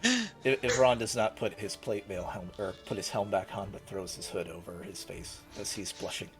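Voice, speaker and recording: A man playing in a tabletop game, excitable and describing his character. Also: lowish voice, moderate pace, faint music behind. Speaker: player. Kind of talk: casual tabletop play.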